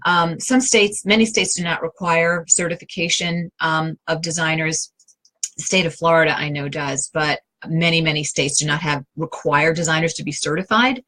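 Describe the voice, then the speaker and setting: A middle-aged woman with a New York accent hosts a live question session on interior design. Her voice sits slightly low, and she speaks in a chatty, direct way. She often restarts her sentences and fills pauses with "um". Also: steady tone, sharp tone, low-quality recording. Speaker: interior design advisor and host. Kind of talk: answering viewer questions live.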